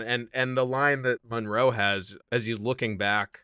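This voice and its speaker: Bright, crisp-voiced man talking films. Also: mid-range voice, fairly even intonation, measured pace, dry recording, studio quality. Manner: enthusiastic, lots of "like" fillers, laughs often. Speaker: podcast co-host. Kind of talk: casual film discussion.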